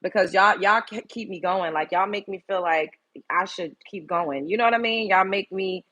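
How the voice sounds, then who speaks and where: A woman's voice: mid-range voice, moderate pace, sharp tone. A young woman from Brooklyn, hosting a casual livestream, blunt and candid, swearing freely and greeting viewers by name. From Brooklyn, New York. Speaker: livestream host.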